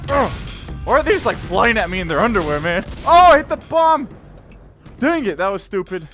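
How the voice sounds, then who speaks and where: Excitable, lively gaming host. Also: medium pitch, moderate pace, soft background music. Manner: excitable, with frequent laughter and exclamations. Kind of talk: casual let's-play commentary.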